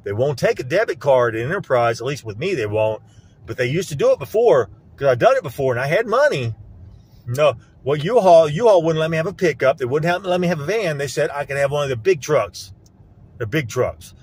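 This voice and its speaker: A man's voice: fairly high pitch, expressive, brisk, slight background noise. A middle-aged man filming a rambling vlog on his phone outdoors. He talks in an aggrieved, accusatory way and keeps repeating himself. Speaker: vlogger. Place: outdoors, around a lake. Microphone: handheld phone.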